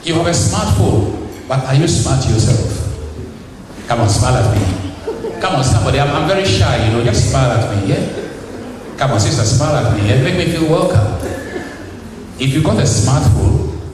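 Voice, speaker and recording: A man's voice: mid-range voice, lively intonation, a little fast, noisy background. A man preaching a sermon in a church, teasing the congregation and asking them questions. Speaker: visiting preacher. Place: church hall. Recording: distant echoey church hall recording.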